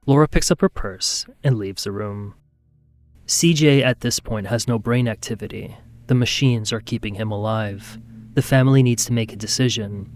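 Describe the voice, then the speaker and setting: A man narrating a true-crime documentary in a measured, scripted way. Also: fairly low pitch, no room sound.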